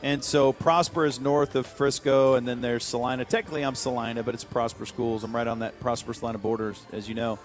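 A man, hosting a radio show, telling a story in lively casual banter and laughing often. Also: mid-range voice, brisk, few pauses, soft background music.

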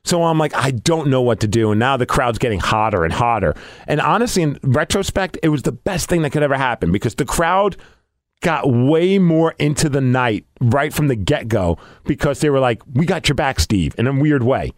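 A man hosting a podcast, telling a story in a casual, animated way and acting out his own reactions. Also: mid-range voice, moderate pace, dry recording, studio quality. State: losing his voice. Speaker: podcast host.

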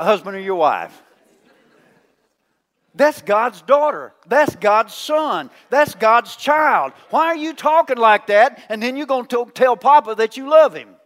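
High-voiced pastor preaching. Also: male voice, animated, a little slow, long reverb tail. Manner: folksy, teasing, swings from loud to hushed. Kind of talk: sermon.

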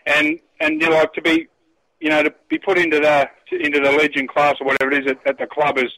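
An Australian man, a guest on a radio chat show, talking in a halting way with repeated words and frequent chuckles. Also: fairly high pitch, sharp tone, dry recording, rough recording. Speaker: phone-in guest, former footballer.

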